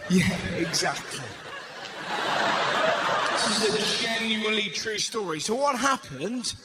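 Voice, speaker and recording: A man tells a stand-up story on a comedy stage, his voice sitting high and the delivery unhurried. He acts out characters and throws punchlines with a shout. Loud audience laughter rolls underneath it all. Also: lively intonation, noisy background.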